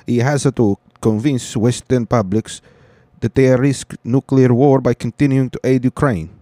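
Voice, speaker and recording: A man voicing an arms control expert in a mock Italian accent, reading with slow, theatrical emphasis. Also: medium pitch, steady tone, warm tone, no room sound, clean studio sound, voice pushed up, natural voice. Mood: mock serious.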